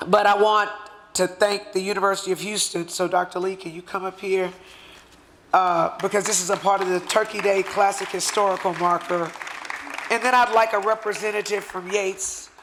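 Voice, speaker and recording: A man's voice: high-pitched, fairly even intonation, moderate pace, fairly bright tone. A man giving an impassioned, emotional speech at a luncheon, speaking in a fervent, conversational way as he presents a certificate.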